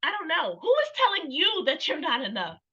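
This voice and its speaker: A woman's voice: high voice, big pitch swings, a little fast, a bit bright. A woman, a Christian counselor, giving an earnest, reflective faith talk, musing aloud, asking herself questions and often laughing. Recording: dull lo-fi sound.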